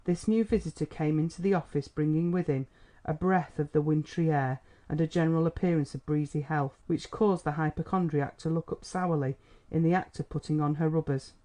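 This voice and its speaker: A man narrating an old novel as an audiobook in a measured, even manner. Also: fairly high pitch. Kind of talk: scripted narration.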